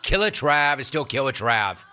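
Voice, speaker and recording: A man's voice: medium pitch, very animated, normal speed, bright, forceful tone, clear, resonant tone. A middle-aged man hosting a sports talk show, delivering an emphatic, sarcastic monologue and repeating lines for punch. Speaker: sports radio host.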